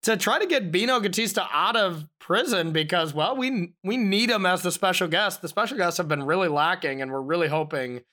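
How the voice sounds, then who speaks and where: A man's voice: sits high, lively intonation, fairly quick, few pauses, pushed and bright. A young man co-hosting a casual podcast, bantering in a jokey, dry way. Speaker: podcast co-host.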